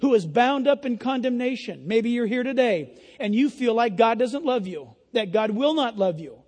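A man pastor preaching an impassioned sermon, often yelling and emphatic. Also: very high-pitched, animated, normal speed, long reverb tail.

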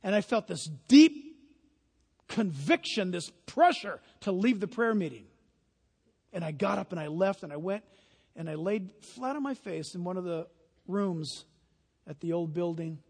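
A middle-aged man preaching a sermon as pastor, swinging from hushed storytelling to loud, fervent exhortation. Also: high-pitched, expressive, measured pace, long pauses, husky. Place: church sanctuary. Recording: long hall reverb.

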